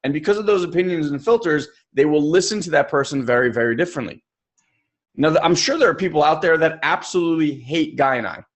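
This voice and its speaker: A young adult man co-hosting a personal development podcast, telling stories in an animated way and acting out the people he quotes. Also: a little high, fast. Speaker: podcast co-host.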